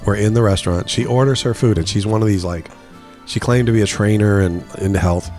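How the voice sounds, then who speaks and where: A man's voice: on the low side, a little fast, soft background music. A middle-aged man hosting a podcast, telling funny stories in a casual way and acting out the voices of the people in them. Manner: animated, acts out voices in his stories. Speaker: podcast host. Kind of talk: casual comedic storytelling.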